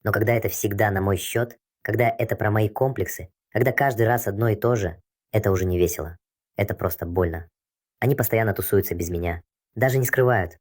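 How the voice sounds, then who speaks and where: A man's voice: fairly low pitch, fast talker, no room sound, studio quality. A man venting in a hurt, resentful confessional monologue.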